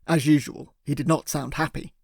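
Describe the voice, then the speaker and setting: A man's voice: fairly high pitch, fairly even intonation, moderate pace, creaky, dry recording, studio quality. Earnest man narrating. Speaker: audiobook narrator. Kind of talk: first-person audiobook narration.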